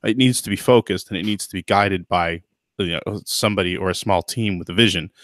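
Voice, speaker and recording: A man's voice: deep voice, a little fast, fairly bright tone, dry recording, clean studio sound. A man hosting a podcast in casual chat, thoughtful and hedging, with lots of fillers and restarts. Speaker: podcast host.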